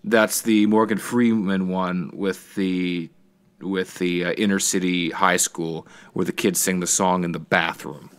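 A man's voice: low-pitched, measured pace, clear, resonant tone. A young man co-hosting a podcast, casually and animatedly retelling movie scenes, swearing often and acting out the lines. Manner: animated storyteller, acts out movie scenes with profanity. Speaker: podcast co-host. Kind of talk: casual chat.

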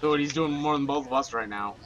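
A young man in casual gaming voice chat, excitable and swearing often while he plays. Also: medium pitch, fast, lo-fi sound, soft background music. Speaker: gamer on voice chat.

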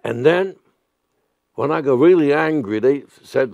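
A male pastor delivers a sermon in a slow, deliberate way, circling back over his phrases and now and then bursting out loudly. His voice has a gravelly, creaky edge. The recording is dry and close. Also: medium pitch, animated, no echo. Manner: earnest preaching with sudden loud outbursts.

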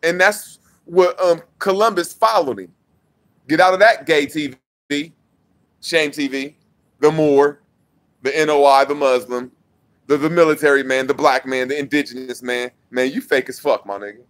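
A young man ranting at a rival vlogger in a heated, mocking way, repeating his challenge and swinging from loud outbursts to low mutters. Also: normal speed. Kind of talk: confrontational rant to camera.

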